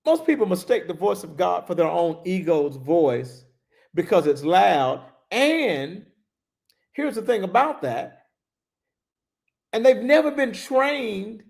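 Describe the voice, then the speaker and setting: A man preaching a sermon as a bishop, animated and laughing, repeating key phrases for emphasis. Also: high-pitched, takes it slowly, creaky. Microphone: livestream.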